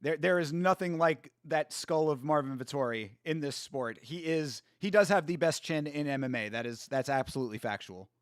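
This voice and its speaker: High-voiced man cursing through fight commentary. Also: moderate pace, hardly any pauses, no echo, clean studio sound. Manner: excitable, profane, trash-talking; reads viewer chat aloud and answers it. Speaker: host. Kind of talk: casual live watch-along commentary.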